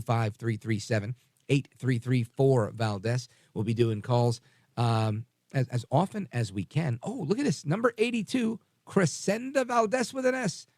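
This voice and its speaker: A male talk radio host delivers a loose, joking monologue into a studio microphone. His voice has a gravelly fry and a lively, bouncing pitch. The sound is close and dry. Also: no room sound. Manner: chatty, joking asides, self-deprecating.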